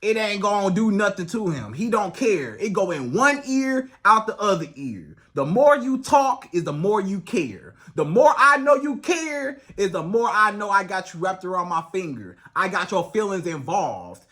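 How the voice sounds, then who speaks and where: A man's voice: high-pitched, very animated, moderate pace, hardly any pauses, fairly bright tone. A man giving blunt, repetitive, slangy relationship advice in a casual monologue. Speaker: relationship coach.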